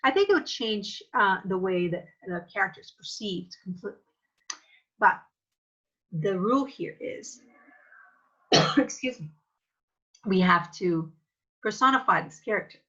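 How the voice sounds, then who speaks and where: A woman teaching an acting lesson in a thoughtful, casual way, pausing often with fillers. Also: medium pitch, lively intonation, pushed and bright, highs cut off. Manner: thoughtful, many filler pauses. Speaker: drama teacher.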